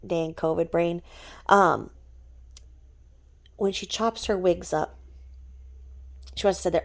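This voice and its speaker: A woman's voice: fairly low pitch, normal speed, vocal fry, long pauses. A woman ranting in a gossipy vlog, mocking someone and dropping to whispered asides. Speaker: vlogger.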